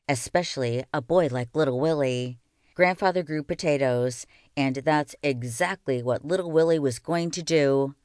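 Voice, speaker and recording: A woman reading a children's novel aloud with steady, expressive storytelling. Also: low voice, clean tone, dry recording, clean studio sound. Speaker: reader.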